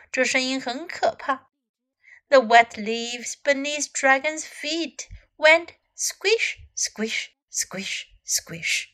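A woman English teacher reading a storybook aloud in two languages, expressive and deliberate. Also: high-pitched.

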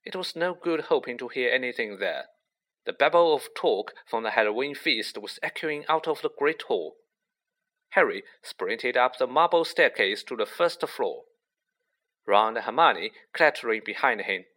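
Reading from a storybook, the male audiobook narrator keeps a measured pace and an expressive tone in his mid-range voice.

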